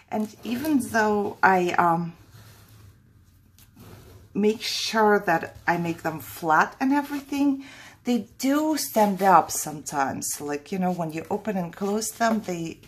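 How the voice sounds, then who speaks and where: Slow chatty woman, breathy voice. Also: medium pitch, fairly bright tone. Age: middle-aged. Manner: chatty, self-doubting, laughs often. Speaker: crafting channel host. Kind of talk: casual craft tutorial chat.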